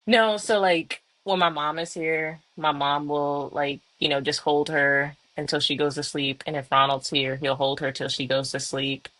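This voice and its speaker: A woman's voice: deep voice, little pitch movement, moderate pace, few pauses, fairly bright tone, no echo, low-quality recording. A mother co-hosting a podcast, talking candidly about parenting in a rambling way full of "like"s and little laughs. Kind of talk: casual podcast chat.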